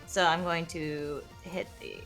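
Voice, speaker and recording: A woman's voice: low-pitched, fairly even intonation, slow pace, a bit bright, soft background music. A woman playing a tabletop game casually, thinking aloud in a hesitant, giggly way. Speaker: player.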